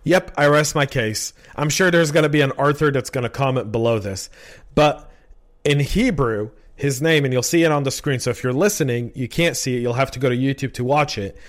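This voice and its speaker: A man's voice: mid-range voice, a little fast. Chatty rambling male podcast host. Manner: chatty, rambling, repeats words. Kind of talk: casual podcast interview.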